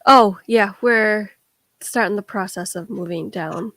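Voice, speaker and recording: A woman joining a casual livestream chat as a guest, mostly giving short, soft reactions. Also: mid-range voice, no room sound. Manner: brief reactions, soft and unhurried. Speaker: guest co-host.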